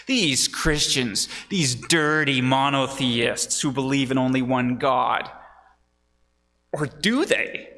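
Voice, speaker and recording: Slow, gravelly male preacher in a reverberant church. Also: a little high, lively intonation, pushed and bright. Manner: teaching, asks the congregation questions. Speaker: pastor. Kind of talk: sermon. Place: church sanctuary.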